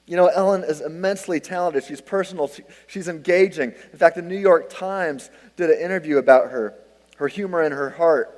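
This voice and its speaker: Middle-aged male preacher, lively self-deprecating storyteller, somewhat high-pitched, recorded in a reverberant hall. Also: fairly quick. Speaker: pastor. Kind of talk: sermon.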